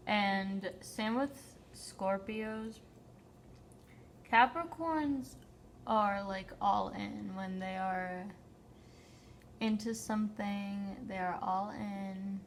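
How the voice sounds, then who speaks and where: A woman vlogger chatting casually to camera while eating, often filling pauses with "like". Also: medium pitch, flat delivery. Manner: chatty, lots of "like" fillers, talks while eating. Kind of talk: casual mukbang chat to camera. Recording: faint background noise.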